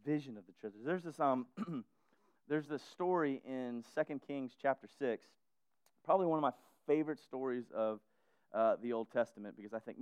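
A man preaching a sermon in a casual, animated way, full of slang and repetitions. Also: medium pitch, a little fast, smooth, no echo.

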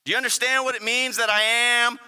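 A man's voice: extremely high pitch, flat delivery, fairly quick, sharp tone, clear, resonant tone, long reverb tail, voice pushed up, heavily acted. A man voicing God as a patient, fatherly deity who coaxes and instructs emphatically. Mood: coaxing.

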